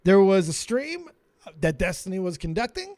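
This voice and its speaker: A man's voice: sits high, sing-song, normal speed, no room sound. A man hosting a livestream, teasing his guests and swearing freely in casual chat. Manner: loud, teasing and swears a lot. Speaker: livestream host. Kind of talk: casual, profane stream chat.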